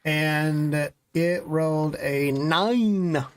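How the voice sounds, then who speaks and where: A game master narrating an online tabletop session through a voice chat mic. The delivery is loose and quick-witted, mixing monster descriptions with offhand jokes. The voice sits at a middling pitch.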